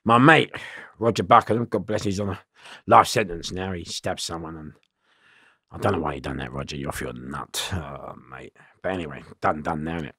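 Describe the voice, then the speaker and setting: A man's voice: low voice, a little fast, pushed and bright, husky, no echo, clean studio sound. A middle-aged man, telling rambling, slangy prison stories in a casual interview, swearing and laughing often.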